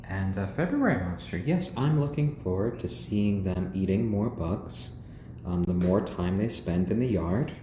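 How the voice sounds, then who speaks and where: Low-voiced guy chatting slow on a home livestream, soft and cooing at his chickens, roomy echo. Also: lively intonation, slight background noise. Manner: gentle, coos softly to pet chickens; chatty, answers viewers' comments. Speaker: live-stream host. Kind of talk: casual live-stream chat. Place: indoors at home with pet chickens.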